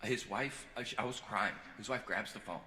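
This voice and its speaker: A male stand-up comedian on stage, telling personal stories, going from earnest confession to loud joking. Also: fairly low pitch, normal speed, slight background noise. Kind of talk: stand-up set. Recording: echoey hall with loud crowd. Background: audience laughter.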